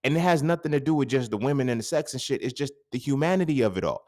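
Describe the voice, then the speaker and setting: A man in his thirties hosting a podcast, talking in a casual, profane monologue that swings into sudden loud outbursts. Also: medium pitch, animated, quick pace. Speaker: podcast host.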